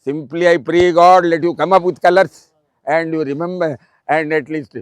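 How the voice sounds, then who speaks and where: A man in his eighties with an Odia accent, a retired principal giving a fatherly, repetitive motivational speech to students, pausing often with um. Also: on the high side, fairly even intonation, clean tone, dry recording. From Odisha, India. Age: 80s.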